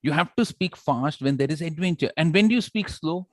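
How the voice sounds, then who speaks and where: Lively man teaching a workshop. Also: a little high, fairly quick, no echo. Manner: lively, playful, talks to the audience with questions and demonstrations. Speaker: public speaking trainer. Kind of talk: live workshop talk.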